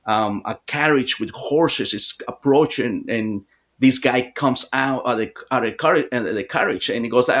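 A man's voice: medium pitch, moderate pace, fairly bright tone. Rambling man telling a story. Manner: rambling, with many fillers and restarts. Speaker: guest hypnotherapist. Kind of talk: casual storytelling in conversation.

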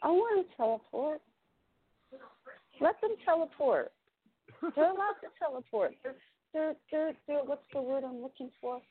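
A woman's voice: sits high, lively intonation, normal speed. A woman co-hosting a wrestling podcast, chatting casually and swearing freely. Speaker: co-host. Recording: phone-like lo-fi call audio.

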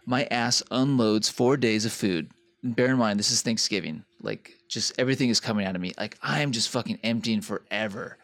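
A man's voice: lowish voice, brisk, dry recording. A young man co-hosting a podcast, telling a crude story in casual chat with lots of swearing. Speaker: podcast co-host.

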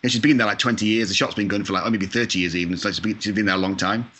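A man from Scotland talks in a fast, bright, slightly low voice. He chats casually as an interview guest, self-deprecating, with mild swearing. His speech is loose and full of fillers. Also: fairly even intonation. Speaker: video game composer, guest. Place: lives in California.

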